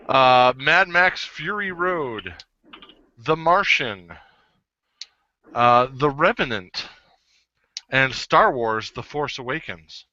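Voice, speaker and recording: Bright-voiced joking man, dry sound. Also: mid-range voice, drawn-out words, pauses often, no room sound, muffled recording. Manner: joking, stumbles over reading. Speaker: podcast co-host reading nominees. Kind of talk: casual chat.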